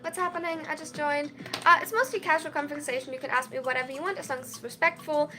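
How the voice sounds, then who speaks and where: A young woman chatting casually on a live stream, reading and answering chat messages in an excitable, tired way from a small dorm room. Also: high-pitched, fast, over music. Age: young adult. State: sleep-deprived, tired.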